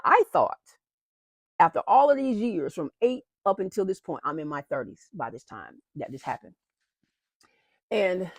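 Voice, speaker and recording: A woman's voice: mid-range voice, dry recording, clean studio sound. A woman who founded an awareness movement, telling her own faith story to viewers in an earnest way. She repeats phrases for emphasis and calls her viewers "y'all.". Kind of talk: personal faith testimony to viewers.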